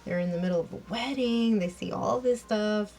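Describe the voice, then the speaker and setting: A woman's voice: medium pitch, normal speed, a little mellow. A woman giving a chatty, rambling recap of a TV episode, full of fillers and restarts. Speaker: TV episode reviewer.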